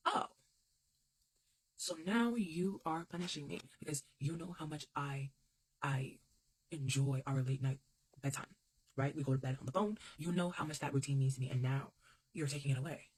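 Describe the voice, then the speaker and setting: A woman's voice: sits low, moderate pace, slight background noise, rough recording. A woman telling a story about her own life in a casual monologue, emphatic and blunt, repeating her punchlines and swearing freely.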